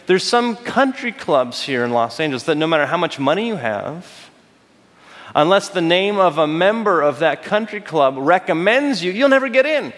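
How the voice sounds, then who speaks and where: A man preaching a sermon, telling a personal story with lively acted-out quotes. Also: on the high side, in a large hall. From United States. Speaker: pastor.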